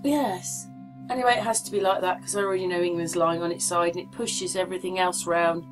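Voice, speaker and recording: A woman's voice: fairly low pitch, fairly even intonation, fairly quick, music in the background. A woman vlogger talking casually and meanderingly while showing maps, often asking the viewer what they think. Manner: chatty, meandering, asks the viewer questions. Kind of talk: casual rambling commentary over maps.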